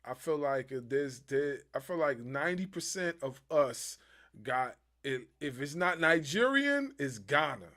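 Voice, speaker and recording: A man from New Jersey hosting a casual interview, relaxed and conversational. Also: on the high side, unhurried. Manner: relaxed and conversational, with filler "you know".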